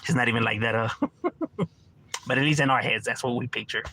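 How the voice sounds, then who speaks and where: A man's voice: medium pitch, a little fast, sharp tone, slight background noise. A man from Los Angeles hosting a livestream, chatting casually with strangers in a laid-back, slangy, profane way, dropping Spanish words and laughing often.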